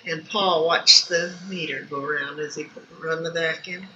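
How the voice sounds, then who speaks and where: An older woman reminisces in a loose, folksy way and often stops to restart her sentences. She sits some distance from the microphone in an echoey room. The recording is dull and carries steady background noise. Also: low-pitched, normal speed. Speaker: interviewee. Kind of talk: oral history storytelling.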